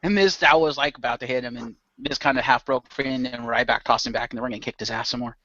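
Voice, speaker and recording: A man in a casual podcast chat, telling stories in a lively way. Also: mid-range voice, fast, dry recording. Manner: lively storyteller. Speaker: podcast co-host. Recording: dull lo-fi dry sound.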